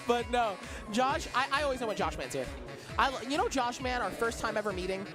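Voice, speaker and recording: A man doing casual commentary on a live stream, playful and self-deprecating, telling animated stories. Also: very high-pitched, brisk, music in the background. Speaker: esports commentator.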